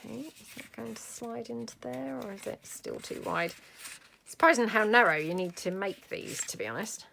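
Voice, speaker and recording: A woman's voice: fairly high pitch, moderate pace, vocal fry, bright, forceful tone, slight background noise. A middle-aged woman chatting casually through a crafting tutorial, thinking aloud as she works. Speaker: craft vlogger.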